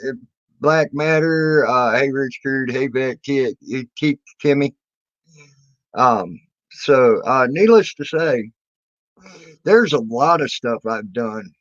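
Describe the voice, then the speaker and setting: A man's voice: mid-range voice, a bit bright, no room sound, highs cut off. A man speaking casually to his viewers in a rambling, defensive way, full of fillers and restarts. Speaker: video maker answering his community.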